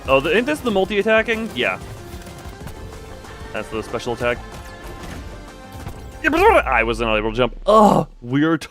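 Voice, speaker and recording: A man on a live game stream, his voice sitting somewhat high and leaping up and down expressively. He talks loosely to his chat, breaking off mid-sentence and chuckling at himself, while quiet game music plays underneath. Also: huge pitch swings, measured pace, pauses often. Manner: rambling, restarts sentences, laughs often, talks to chat.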